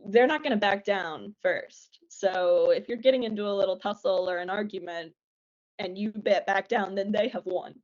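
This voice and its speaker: A young woman from the United States, a guest chatting casually on a podcast, self-deprecating and full of fillers. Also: mid-range voice. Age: young adult. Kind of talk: casual podcast chat over a call. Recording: dull lo-fi audio.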